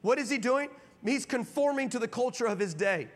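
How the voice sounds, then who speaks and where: A man's voice: very high voice, expressive, brisk. A man from El Paso, a pastor preaching a sermon, telling stories animatedly, acting out dialogue, and building to emphatic points. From El Paso, Texas. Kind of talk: sermon with storytelling. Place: large hall with audience. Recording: reverberant hall.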